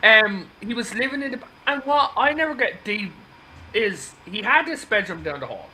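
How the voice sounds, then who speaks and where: High, bright-voiced man rambling about a movie. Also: normal speed, slight background noise, rough recording. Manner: rambling, animated storytelling. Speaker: podcast host. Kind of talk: casual movie discussion.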